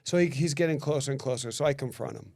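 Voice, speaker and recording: A man tells a story on a podcast, talking at an ordinary, middle pitch. He acts out the dialogue in the story and keeps restarting his phrases as the story tumbles out. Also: creaky. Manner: animated storyteller who acts out quoted dialogue; quick, repetitive restarts. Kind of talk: casual podcast chat.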